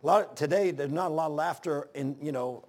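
An older man pastor giving an informal sermon, telling folksy stories with loud exclamations and chuckles. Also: on the high side, quick pace.

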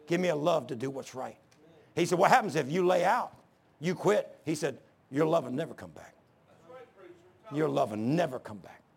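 Older man preaching, gravelly voice, goes from shouting to real quiet. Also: fairly high pitch. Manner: swings from shouting to hushed storytelling. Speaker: pastor. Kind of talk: sermon.

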